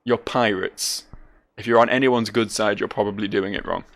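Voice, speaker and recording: A man's voice: lowish voice, steady tone, normal speed, creaky, a bit bright. A man giving gameplay commentary, cracking dry sardonic jokes at the game. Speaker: let's play host.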